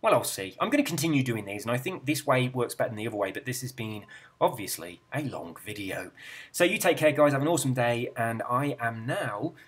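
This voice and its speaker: Chatty Englishman with a lively voice. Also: medium pitch, a little fast, slightly rough. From England. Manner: rambling, chatty, self-deprecating. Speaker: gaming channel host. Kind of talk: casual chat reading viewer comments.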